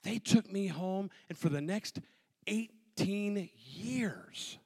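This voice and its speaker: A man in his forties sharing a personal testimony, an animated storyteller who acts out the voices of the people in his story. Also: high voice, slow pace, slightly rough. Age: 40s.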